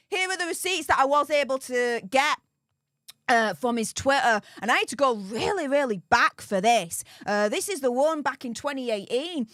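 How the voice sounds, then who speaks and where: A woman, hosting a casual livestream and teasing her audience in a lively, mocking way. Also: high voice, no echo, studio quality. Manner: animated and mocking, gleefully teasing. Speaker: livestream host. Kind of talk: casual live commentary.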